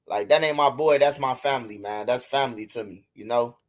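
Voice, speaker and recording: A man's voice: mid-range voice, a little fast. A man with a Chicago accent hosting casual livestream commentary, mocking and trash-talking his critics with lots of repetition. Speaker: commentary host of a street news channel.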